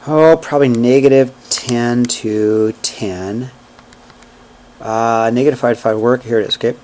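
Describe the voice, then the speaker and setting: Guy teaching math in a classroom, counts steps out loud, keeps asking okay? right?. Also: mid-range voice, measured pace. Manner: repeats points and checks in with "okay?" and "right?"; counts out steps aloud while working. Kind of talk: classroom lecture.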